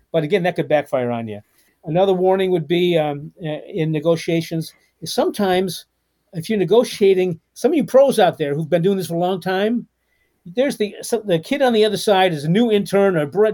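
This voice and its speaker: A man in his sixties, a guest author telling stories in a podcast interview, with lots of fillers and restarts. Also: high voice. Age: 60s. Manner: animated storyteller with frequent fillers.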